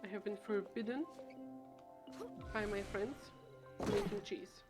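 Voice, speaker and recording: A woman's voice: mid-range voice, sing-song, a little slow. Young woman streamer with music behind, dramatic, self-mocking game chatter. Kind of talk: casual live game commentary.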